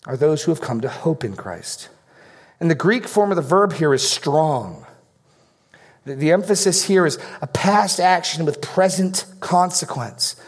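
A man preaching a sermon, reading scripture aloud and unpacking it verse by verse. He speaks with emphasis, repeating phrases, and moves between quick asides and slow, stressed lines. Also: fairly high pitch. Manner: emphatic, repeats phrases with rising and falling force. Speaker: pastor.

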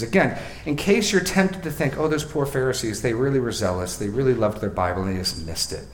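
A male pastor preaching an expository sermon, swinging from quiet, slow remarks to loud, emphatic readings and acted-out quotes. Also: mid-range voice, expressive, reverberant, slight background noise.

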